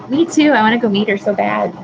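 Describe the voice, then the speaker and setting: A woman's voice: medium pitch, quick pace, vocal fry, highs cut off, noisy background. A woman in her thirties hosting a casual live stream, chatting with viewers by name and apologizing easily. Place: home workroom with a sewing machine running.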